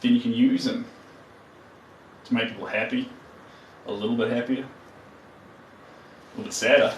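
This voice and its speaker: A man's voice: medium pitch, very animated, a little slow, a little hiss or hum. Kiwi guy chatting while he paints live, sounds far off in an echoey room. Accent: New Zealand. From New Zealand. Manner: chatty, playful, talks to viewers while working.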